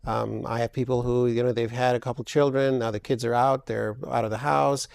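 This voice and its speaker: A man being interviewed as a plastic surgeon, answering in a measured, explanatory way with frequent fillers. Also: mid-range voice, little pitch movement, creaky, a little mellow, smooth, dry recording.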